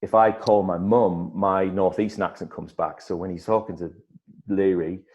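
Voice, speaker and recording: A man with a very low voice and a northeast English accent talks casually as an actor being interviewed. He thinks aloud, circling back and restarting his sentences as he goes. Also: steady tone, moderate pace, a little mellow, dull audio. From northeast England. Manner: thoughtful, rambling with restarts and acted-out quotes.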